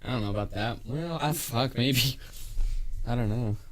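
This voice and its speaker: A man's voice: mid-range voice, moderate pace, background noise. Hesitant man chatting on a podcast. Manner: unsure, hedging. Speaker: podcast co-host. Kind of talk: casual chat.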